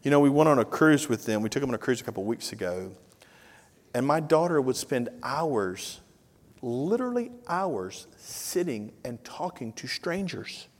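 A middle-aged man preaching a sermon, telling a family story with lively acted-out dialogue before turning to earnest exhortation. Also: mid-range voice, moderate pace. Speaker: pastor. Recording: long reverb of a large hall.

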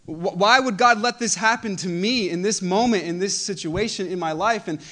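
A man preaching a sermon as pastor, impassioned and repeating phrases as he builds to loud emphatic peaks. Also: high voice, moderate pace.

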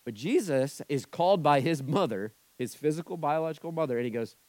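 A man's voice: a little high, lively intonation, fairly quick, darkish tone, dry recording. A man preaching a sermon as pastor, talking in a conversational style and acting out the voices he quotes.

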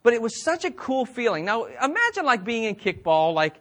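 Male pastor, high-pitched, casual chatty sermon delivery with frequent restarts. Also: very animated, a little fast, fairly bright tone. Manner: conversational, repeats words, asks the crowd questions.

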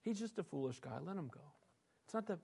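A preacher voicing a gentle pleading woman. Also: high-pitched, lively intonation, brisk, in a large hall. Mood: soothing. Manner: soft, soothing.

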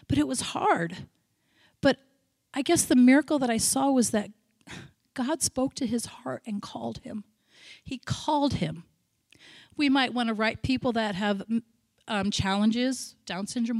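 A woman missionary giving a sermon, telling stories with feeling, breaking into shouted praise and chatty asides. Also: mid-range voice, no echo, studio quality. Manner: emotional storytelling, bursts into loud shouted praise; chatty, self-interrupting asides. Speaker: missionary speaker.

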